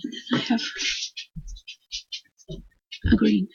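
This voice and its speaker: A craft tutor from Yorkshire, England, with a hoarse, croaky, darkish voice, talks fast while demonstrating painting on a live stream from her desk at home. Homely and rambling, she chats to her dog and viewers over soft background music. Her computer mic gives dull, lo-fi stream audio without echo.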